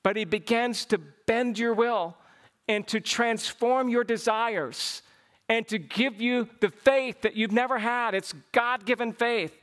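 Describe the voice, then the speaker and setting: A man preaching a Sunday sermon to his church and leading the closing prayer, fervent and climbing into excited exclamations. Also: very high voice, measured pace. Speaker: pastor. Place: church service.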